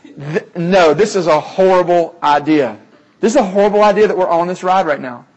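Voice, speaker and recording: A fretful nine-year-old boy who is sure the ride is a terrible idea, quoted by a preacher in his own voice. The voice sits a little high and is spoken loudly. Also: normal speed, dull audio. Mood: worried.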